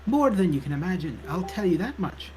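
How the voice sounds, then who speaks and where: A man's voice: high-pitched, very animated, fairly quick, slight background noise, pitched above the performer's own voice. A man reading as a prim old librarian. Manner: reads game text aloud, lightly putting on a voice. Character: prim older female librarian in a fair-era text game.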